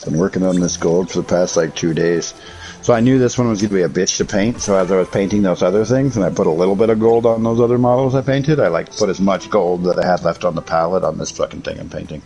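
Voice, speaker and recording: A man's voice: low voice, fast, warm tone, rough recording. A man streaming casual chat while painting miniatures, telling profane, rambling stories.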